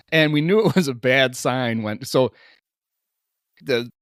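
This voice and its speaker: A man's voice: medium pitch, lively intonation, takes it slowly, a bit bright, no echo, clean studio sound. A man hosting a casual sports podcast, joking and rambling with restarts. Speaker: podcast host.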